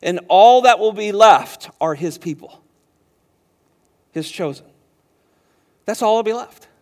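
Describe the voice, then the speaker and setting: High-voiced man preaching in a reverberant hall. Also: expressive. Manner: emphatic, slows down to stress key words. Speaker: pastor. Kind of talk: expository sermon.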